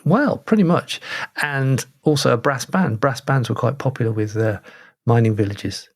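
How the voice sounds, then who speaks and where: A British man co-hosting a podcast, chatting casually with a jokey, self-mocking manner and an animated delivery. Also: medium pitch, normal speed. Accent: British English. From Britain. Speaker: podcast co-host. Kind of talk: casual chat.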